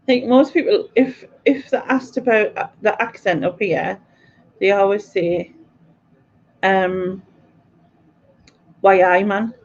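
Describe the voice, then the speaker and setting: On a lo-fi recording, a woman from North East England with a Mackem accent hosts a live quiz stream. Unhurried and steady in her mid-range voice, she reads out viewer comments, chats casually and laughs often.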